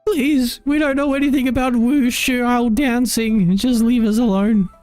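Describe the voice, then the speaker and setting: A man voicing a frightened fugitive begging to be left alone, in a high, strained voice. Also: steady tone, measured pace, a little mellow, no echo, faint music behind. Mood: pleading.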